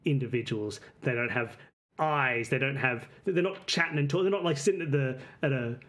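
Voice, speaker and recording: A man running a tabletop game, giving rambling, halting descriptions of the scene. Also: medium pitch, fairly bright tone. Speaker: game master.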